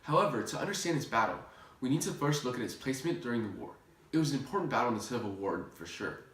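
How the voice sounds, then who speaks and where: A man's voice: mid-range voice, expressive, fast, a bit bright. A young man narrating a scripted history school project, reading steadily with the odd slip. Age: young adult. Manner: reads steadily from a script, with small slips. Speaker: student presenter.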